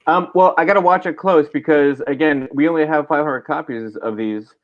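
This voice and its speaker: A man's voice: a little high, moderate pace. Laid-back male guest on dull lo-fi audio. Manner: laid-back, explaining, many fillers. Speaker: comic creator guest. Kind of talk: casual livestream chat.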